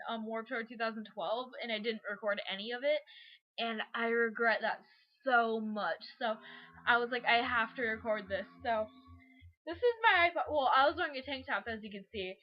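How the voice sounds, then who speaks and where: Young woman vlogger, high voice, loose rambling chat to camera. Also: normal speed, lo-fi sound. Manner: rambling, chatty, lots of fillers. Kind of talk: casual vlog narration.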